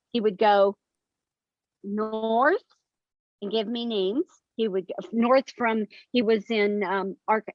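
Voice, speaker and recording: An older woman speaks as a guest author, recounting things in earnest and detailed stories. Her voice sits at a middle pitch. The recording is dry and a little muffled, with the highs rolled off. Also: no echo. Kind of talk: conversational interview. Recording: dry, slightly dull sound.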